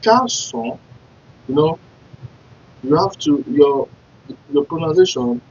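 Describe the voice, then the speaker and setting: A man's voice: fairly high pitch, unhurried, warm tone, a little hiss or hum. A man giving a casual spoken lesson, patiently repeating and spelling out words and encouraging his viewers. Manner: encouraging, addresses viewers directly. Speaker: language teacher. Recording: dull lo-fi sound.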